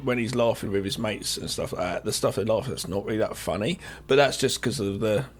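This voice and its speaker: A man co-hosting a podcast, chatting casually about films, animated and swearing, going off on tangents. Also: lowish voice, a little fast, a little hiss or hum. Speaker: podcast co-host. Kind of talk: casual film chat.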